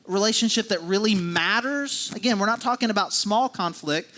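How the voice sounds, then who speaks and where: A man's voice: sits high, pushed and bright. A man preaching a sermon as a pastor, talking in a conversational, self-deprecating way with many restarts and repeated phrases.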